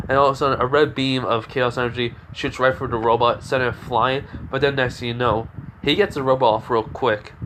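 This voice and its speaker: Young male fan storyteller, improvised and rambling, average pitch, light background hiss. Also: a bit bright. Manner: rambling, many fillers and self-corrections. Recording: faint background noise.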